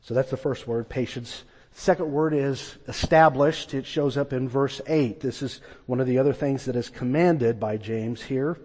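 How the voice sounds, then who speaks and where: A man's voice: mid-range voice, moderate pace, darkish tone. A man preaching a sermon, telling a story and acting out the voices in it. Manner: storytelling, acts out quoted voices. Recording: long reverb of a large hall.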